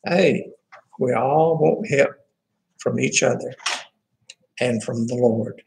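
Pastor, man, slow and gravelly, folksy church talk full of "uh"s and restarts. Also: medium pitch, darkish tone, rough recording. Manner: halting, many fillers and restarts, folksy. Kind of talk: informal church prayer-request talk.

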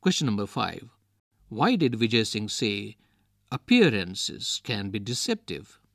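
A man's voice: lowish voice, big pitch swings, measured pace, gravelly, dry recording, studio quality. A man with an Indian English accent reading a textbook story and its questions aloud for a lesson. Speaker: lesson narrator.

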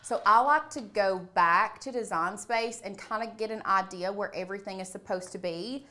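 A young adult woman leading a live craft demonstration, talking in a loose, chatty way while she lays out and presses pieces. Her voice sits at a middle pitch for a woman, and her words drift and restart as she focuses on the work in front of her. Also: moderate pace, bright, forceful tone. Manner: chatty, talks while working with hands. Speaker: craft tutorial host.

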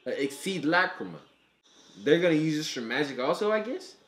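A man giving casual, profane reaction commentary while he watches an anime, excitable and thinking out loud. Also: on the high side, a little fast, roomy sound, soft background music.

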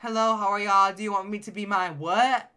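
Excitable bright-voiced male game streamer. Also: sits high, brisk, clear, resonant tone. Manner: excitable, loud reactive outbursts; addresses chat directly, playful teasing. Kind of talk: live gameplay commentary.

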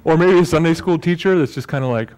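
Preaching in church, a male pastor speaks quickly in a darkish voice that sits somewhat high for a man. He keeps things conversational and light, joking and fixing his own slips as he goes.

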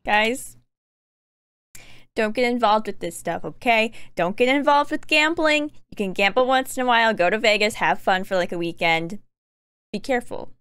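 A woman in her twenties, chatty and excitable, giving casual reaction commentary. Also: medium pitch, clear, resonant tone, no room sound. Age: 20s. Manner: chatty, excitable, quick to laugh. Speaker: reaction streamer.

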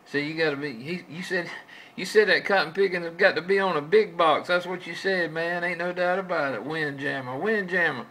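A man's voice: a little high, a little fast, pushed and bright, low-quality recording. A man trading folksy CB radio chatter with other operators, drawing out his calls and repeating his stock phrases.

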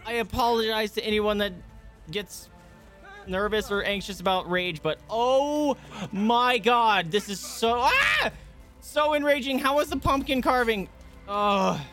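A man's voice: high-pitched, a little slow, fairly bright tone. A male streamer giving live gameplay commentary, ranting and swearing in frustration. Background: faint game music.

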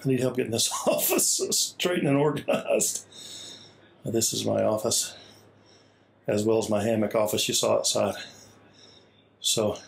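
A man's voice: fairly low pitch, measured pace, creaky, pauses often, slight background noise. Man, pastor; casual self-filmed walkthrough of a small church, talks while walking, winded and chuckling. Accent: Hawaii. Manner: chatty, laughs often, slightly out of breath. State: out of breath. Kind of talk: casual walking video tour. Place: small church building indoors. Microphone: laptop held while walking.

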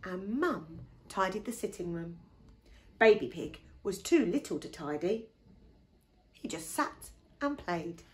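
A woman's voice: fairly low pitch, slight background noise. A woman reading a picture book aloud to young children, as a teacher. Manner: expressive, slow, lively.

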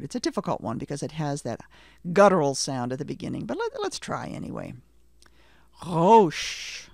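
A middle-aged woman teaching a language lesson, slowly and deliberately saying letter names and asking the listener to repeat after her. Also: low voice, a little mellow, no echo. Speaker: Hebrew teacher. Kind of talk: slow, careful language lesson with repetition drills.

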